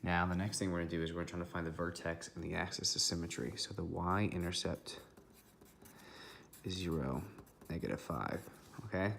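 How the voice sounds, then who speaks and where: A man with a deep voice explains a math lesson step by step. His tone is bright and forceful, and his delivery stays methodical with frequent check-ins. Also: normal speed, gravelly, a little hiss or hum. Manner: methodical, steady, checks in with "okay". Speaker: math teacher.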